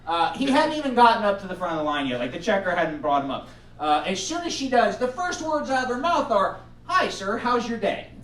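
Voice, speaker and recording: A man's voice: sits high, big pitch swings, fast talker, fairly bright tone. A man from the United States doing a stand-up comedy set, swearing freely and rambling, laughing at his own lines as he goes. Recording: roomy sound picked up from a distance.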